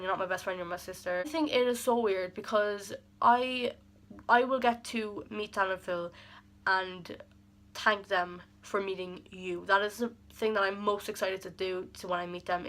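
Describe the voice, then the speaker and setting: Bright-voiced young woman rambling fondly. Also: medium pitch. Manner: rambling and affectionate, heavy use of "like"; emotional, near tears at times. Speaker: vlogger. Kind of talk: heartfelt personal birthday message.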